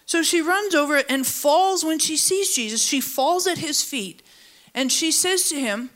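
A woman with a high voice preaches a sermon to a church congregation, part of it in the room and part online. Her delivery is animated: she lifts her pitch far up to stress a point, then sinks low and slow, and she pulls the listeners in by asking them to finish her sentences. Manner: asks the congregation to fill in words. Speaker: pastor. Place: church service, also streamed online.

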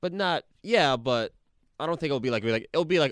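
A man chatting casually as a podcast co-host, animated and quick to jump in with questions and opinions. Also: mid-range voice, no room sound, studio quality. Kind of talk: casual chat.

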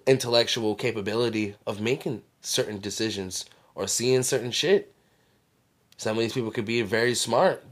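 A man co-hosting a casual reaction chat, talking in a loud, slangy and profane way. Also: lowish voice. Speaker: co-host.

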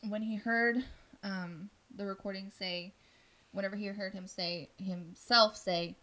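A woman's voice: mid-range voice, fairly even intonation, a little slow, sharp tone. A woman casually telling a spooky story on a podcast, rambling with lots of ums and likes.

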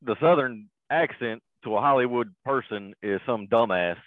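A man's voice: medium pitch, normal speed, no echo. Laid-back man over a tinny, dry line. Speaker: podcast co-host. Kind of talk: casual movie review chat.

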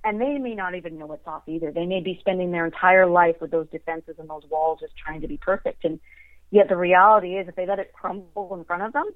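A woman's voice: on the low side, a little fast, dry recording. A woman telling stories in casual conversation, laughing often and acting out quotes. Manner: animated storyteller, laughs often, acts out quotes. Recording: tinny phone line.

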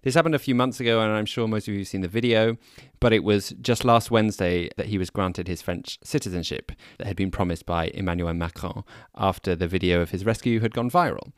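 A man's voice: lowish voice, fairly quick, clean tone, no echo. A man co-hosting a podcast, chatting casually with dry, teasing humor. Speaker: podcast co-host. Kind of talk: casual chat.

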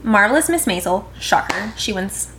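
A young woman co-hosting a casual podcast, breezy, reading a list of names with quick asides. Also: mid-range voice, animated, noisy background. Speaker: podcast co-host.

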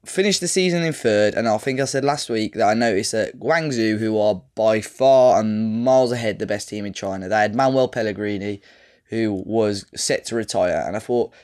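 A man's voice: on the low side, moderate pace, darkish tone. A man, co-hosting a podcast, telling a long casual story with plenty of fillers and restarts. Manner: rambling, chatty storytelling with fillers. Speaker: podcast co-host. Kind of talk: casual chat about a football management game save.

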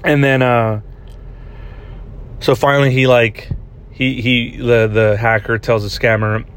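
A man's voice: medium pitch, level tone, a little slow, clear, resonant tone. A young man hosting a podcast, telling a story in a casual, rambling way, swearing often and restarting his sentences. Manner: rambling and profane, many restarts. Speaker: podcast host. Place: parked vehicle.

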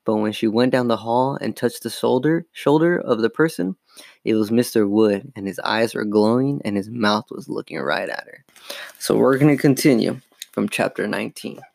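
A man's voice: lowish voice, normal speed, gravelly, a little mellow, no room sound. Man reading a spooky book aloud. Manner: casual, informal, with restarts and fillers. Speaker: podcast host.

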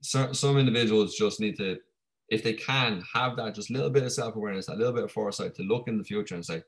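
Young male host, lowish voice, brisk and earnest, thinks aloud. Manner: earnest, reflective, many fillers. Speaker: podcast host. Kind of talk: casual interview chat.

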